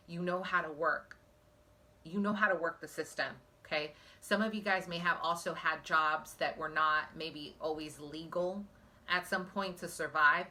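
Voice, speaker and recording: A psychic tarot reader with a fairly low, pushed, bright voice gives a pick-a-card reading on her phone. She speaks earnestly and emotionally, addressing her viewers directly.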